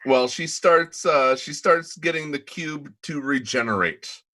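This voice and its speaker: A man's voice: fairly high pitch, a little slow, bright, forceful tone, dry recording. A man hosting a casual group chat, recapping a TV episode with lots of fillers. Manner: loose, filler-heavy recap.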